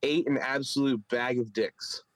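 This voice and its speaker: A man's voice: mid-range voice, fairly even intonation, a little slow, dry recording, poor audio. A man with a Philadelphia accent, a podcast co-host and stand-up comic, telling a story in casual chat and mimicking others in raised voices. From Philadelphia area.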